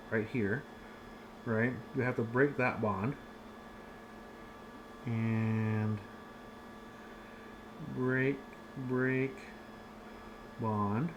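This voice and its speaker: A man's voice: mid-range voice, a little hiss or hum. A man giving a casual online chemistry lecture from home, chatty and rambling with many fillers and restarts.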